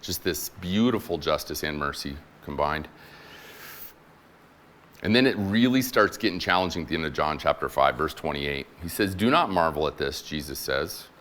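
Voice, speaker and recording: His voice is very deep and a touch bright. As a guest preacher and military chaplain, he delivers a sermon that turns scripture into a casual, slangy romp, performing the quoted speakers in everyday paraphrase.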